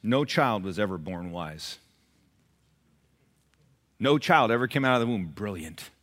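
Brief: male pastor, punchy sermon delivery, loud peaks and hushed asides, church congregation. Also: lively intonation, unhurried. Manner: emphatic preaching, swings from loud peaks to low asides; repeats phrases for emphasis.

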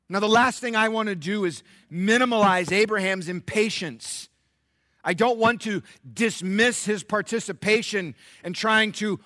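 A middle-aged man preaching a sermon to his church, rising to loud emphatic peaks and dropping to hushed, intimate asides. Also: high voice, no room sound, clean studio sound. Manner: acts out biblical characters in quick voices. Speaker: pastor.

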